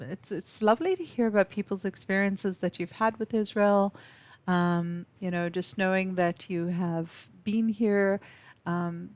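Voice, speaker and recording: A woman from South Africa hosting a live webinar from an office, speaking warmly and effusively with frequent ums and restarts. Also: mid-range voice, dry recording. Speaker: webinar host. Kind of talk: live webinar talk to viewers.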